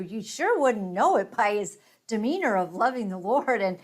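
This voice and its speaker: A woman's voice: mid-range voice, sing-song, moderate pace. A woman hosting a casual talk show, chatting conversationally as she leads the discussion and cues up clips. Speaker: host. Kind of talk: casual chat reacting to clips.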